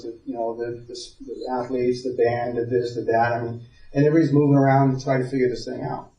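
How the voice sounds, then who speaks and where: A man with a mellow, relaxed voice gives a parenting talk to a room full of people, telling personal stories, often repeating words, and stopping to check whether the room follows him. He is heard from a distance in an echoey hall. The sound is dull and muffled. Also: medium pitch. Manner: storytelling, repeats words while thinking, asks the audience. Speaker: parenting seminar speaker. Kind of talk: conversational teaching talk. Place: seminar room with a live audience. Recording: dull, roomy sound from far off.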